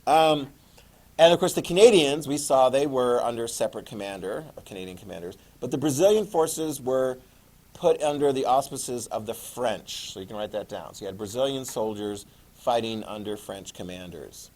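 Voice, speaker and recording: A man's voice: mid-range voice, lively intonation, moderate pace, darkish tone. A man teaching a history class, lecturing in a chatty way, asking the students questions and making small jokes.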